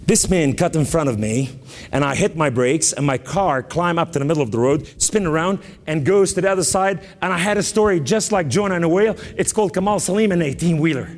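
A man from Lebanon preaching an emphatic testimony sermon with sudden rises and dramatic pauses. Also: a little high, long reverb tail. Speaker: guest preacher.

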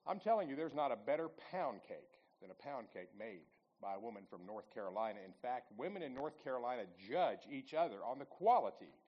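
A man's voice: mid-range voice, very animated, fairly quick, few pauses, dull audio. A man in his sixties giving a folksy storytelling talk at church, chatting with the audience and asking them questions. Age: 60s.

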